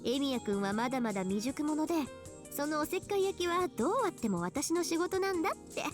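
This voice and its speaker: A woman's voice: sits high, expressive, racing, music in the background. Rin Tohsaka, a bossy teasing teenage girl. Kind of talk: visual novel voice acting.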